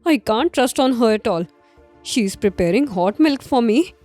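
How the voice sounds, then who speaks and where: A woman's voice: on the high side, expressive, normal speed, mellow, soft background music, close to an everyday voice. An actress playing a defiant, suspicious pregnant young girlfriend who talks in a demanding, confrontational way.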